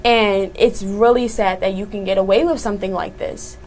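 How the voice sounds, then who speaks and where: A woman's voice: mid-range voice, fairly even intonation, moderate pace, darkish tone, slight background noise, low-quality recording. Earnest young woman activist. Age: young adult. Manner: earnest, firm, uses many fillers. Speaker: activist guest. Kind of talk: talk show interview.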